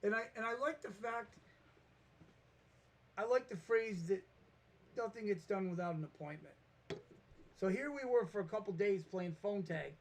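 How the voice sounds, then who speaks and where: A man with a fairly high voice talks off the cuff in a vlog. He rambles, trips over his starts and throws himself into acting out every back-and-forth. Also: normal speed. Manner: rambling, animated, restarts and acts out quotes. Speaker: vlogger. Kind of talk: casual storytelling monologue.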